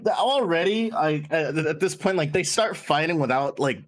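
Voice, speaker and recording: A man's voice: fairly high pitch, expressive, normal speed. A man co-hosting a podcast, chatting casually in a rambling way with many fillers and frequent laughs. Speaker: podcast co-host. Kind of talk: casual chat.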